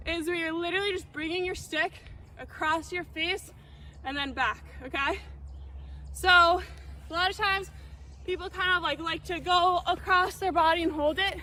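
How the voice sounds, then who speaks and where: A young woman with an extremely high, bright voice coaches lacrosse on an outdoor field, her tone forceful over a faint hiss or hum. She explains drills while moving through them and checks in with "okay?" after every step.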